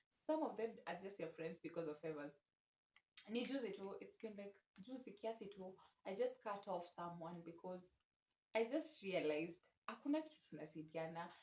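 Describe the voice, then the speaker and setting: A young Kenyan woman vlogging in a chatty, casual way, giving advice and mixing in Swahili slang. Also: mid-range voice. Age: young adult. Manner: chatty, mixes in Swahili slang, animated retellings. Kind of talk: casual talk to camera. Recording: echoey room.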